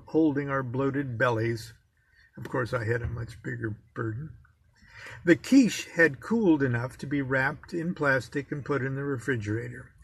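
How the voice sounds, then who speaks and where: A man's voice: mid-range voice, husky. A man reading aloud from his own memoir, telling the story in a wry, self-mocking way.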